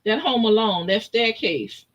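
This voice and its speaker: Woman guest, casual storyteller, very lively up-and-down voice, laughs a lot. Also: medium pitch, measured pace, dull audio, noisy background. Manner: animated, laughs often, acts out voices in her stories. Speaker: guest on a live stream.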